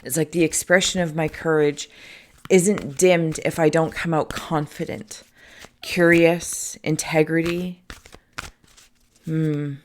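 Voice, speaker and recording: A woman with a low voice leads a spiritual reading, musing aloud as she goes. Her speech wanders and corrects itself, and now and then it sinks into a hushed whisper. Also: steady tone, slow, pauses often, a little hiss or hum. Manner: meandering, dreamy, self-correcting, drifting into soft whispers. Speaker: tarot and tapestry reader.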